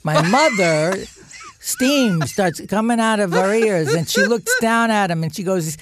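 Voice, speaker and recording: A man telling a family story in a loud, heated way, cursing freely. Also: high voice, animated, normal speed, background noise. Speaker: guest storyteller. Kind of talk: animated anecdote in a played clip.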